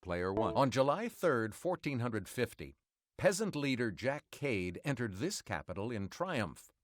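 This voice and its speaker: Reading quiz clues and answers, this male host uses a clipped, deliberate announcer delivery. His mid-height pitch roams freely with a sing-song lilt, and the clean studio recording has no echo.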